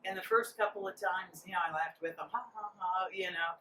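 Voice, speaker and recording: A woman's voice: lowish voice, a little fast, echoey room. A middle-aged woman running for office, speaking earnestly and pleading with listeners in an interview. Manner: earnest, pleading, quotes people in lively voices. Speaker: political candidate. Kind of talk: campaign interview. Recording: distant mic with faint noise.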